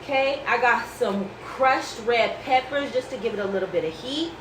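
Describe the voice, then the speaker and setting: Woman host, fairly high voice, chatty home-cook demo, noisy kitchen. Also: expressive, normal speed, echoey room, recorded from a distance. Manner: chatty, reassuring, calls viewers baby and girl. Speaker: cooking vlog host. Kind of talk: casual cooking demonstration.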